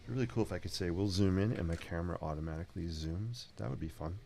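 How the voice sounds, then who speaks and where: This man's deep, gravelly, darkish voice comes out rapid-fire as he chats upbeat and casually with viewers during a live sketch stream from his home studio. He talks to them while drawing, with a 3D printer running and faint machine noise behind.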